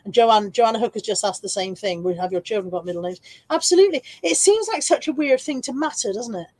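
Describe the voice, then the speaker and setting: With a fairly high pitch, a darkish tone, lively intonation and a quick pace, recorded without echo, a reseller livestream host speaks. She's an Englishwoman in her forties who chats casually, reads out viewer comments, and laughs often in a self-mocking way.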